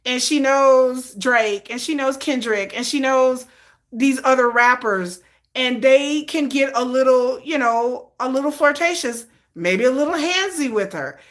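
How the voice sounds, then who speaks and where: A woman's voice: sits high, measured pace. A woman hosting a live stream, chatting casually and rambling through her fan fiction with frequent restarts.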